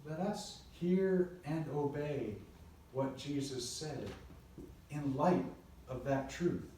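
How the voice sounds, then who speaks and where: A man's voice: fairly high pitch, animated, slow pace, warm tone, a little hiss or hum. A man, a pastor, preaching a sermon in a church, earnest and storytelling with playful asides. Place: church sanctuary. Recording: very echoey church from a distant mic.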